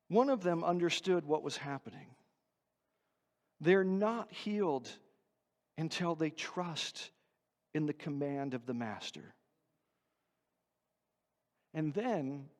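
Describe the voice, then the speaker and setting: A man preaching a sermon as pastor, animated, swinging between loud emphasis and hushed asides. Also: high-pitched. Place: church sanctuary. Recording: church hall reverb.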